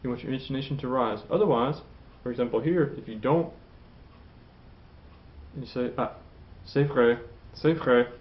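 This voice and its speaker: A man teaching a French lesson, explaining slowly, saying "okay" a lot and repeating each model phrase twice. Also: medium pitch, lo-fi sound. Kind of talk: classroom lesson.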